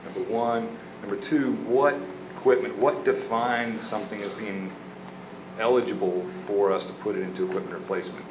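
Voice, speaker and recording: Deep-voiced council member. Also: male voice, fairly even intonation, moderate pace. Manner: thinking aloud, repeats words and restarts. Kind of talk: council discussion. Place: council chamber. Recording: echoey chamber, background noise.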